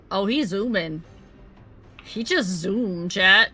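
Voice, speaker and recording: A woman's voice: mid-range voice, animated, measured pace, sharp tone, faint music behind. A young woman streamer chatting casually with her viewers during a game, giggly and chatty. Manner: chatty and giggly, talks to chat.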